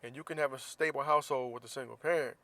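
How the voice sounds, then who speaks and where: A man's voice: mid-range voice, fairly even intonation, quick pace, bright, forceful tone, no echo. Florida guy doing his podcast rant, blunt and heated, swears a lot. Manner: blunt, heated, profane ranting. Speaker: podcast host. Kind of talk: casual opinion monologue.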